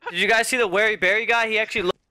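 A man streaming a game, jumpy and yelling when startled. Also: sits high, steady tone, very fast, clean tone, dry recording. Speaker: gamer.

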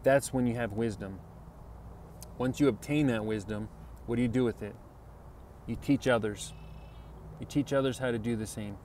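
A man of ordinary pitch talks earnestly through a Bible lesson, loose and repetitive, often asking "right?" as he goes. It is a casual video sermon. Faint traffic and street noise sit under his voice. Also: normal speed, long pauses, darkish tone. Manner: earnest, repetitive, conversational, with many "you know" and "right?". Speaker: Bible teacher.

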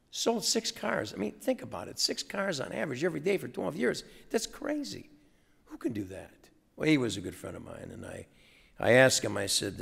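A man's voice: lowish voice, vocal fry, a bit bright, slightly rough. A man giving an enthusiastic motivational speech to college students, rallying the audience with call-and-response in a lecture hall. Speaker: guest speaker. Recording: roomy hall reverb, faint audience.

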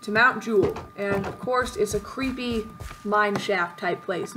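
A woman's voice: medium pitch, a little slow, music in the background. A woman hosting a let's-play video, chatting through a game in a playful, mock-dramatic way. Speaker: gaming video host.

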